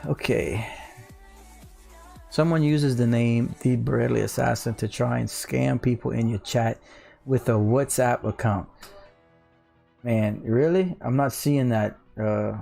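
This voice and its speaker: A laid-back man from South Louisiana with a clear Cajun accent, talking loosely to his livestream viewers from home. His mid-pitched voice carries a gravelly, creaky edge, and faint music plays underneath. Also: unhurried, long pauses, mellow. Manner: laid-back, reads chat aloud, drawls "y'all". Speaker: livestream host. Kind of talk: casual livestream chat. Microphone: studio mic on a boom.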